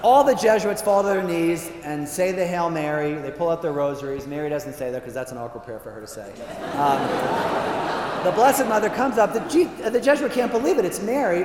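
A male priest in a big hall tells jokes in a chatty, animated style with plenty of fillers. His voice sits a bit high, and it rings with a long hall reverb over faint background ambience. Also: slight background noise. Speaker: priest speaker. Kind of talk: humorous talk with jokes.

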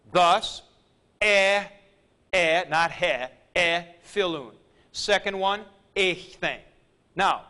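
Unhurried male lecturer explaining Greek, bright edge to the voice. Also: high voice. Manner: deliberate, dry joking asides. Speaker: Greek teacher. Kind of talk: classroom lecture.

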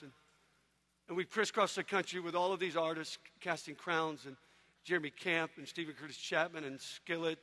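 A man preaching an energetic sermon, telling stories with animated shouts and sudden hushed drops. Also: fairly high pitch, big-room sound. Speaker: evangelist speaker.

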